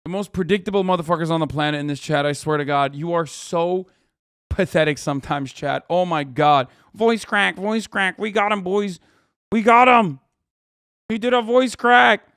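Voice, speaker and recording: A man streaming, commenting heatedly on clips in profane casual talk that rises into shouting rants. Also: sits high, moderate pace, clear, resonant tone, no echo, clean studio sound.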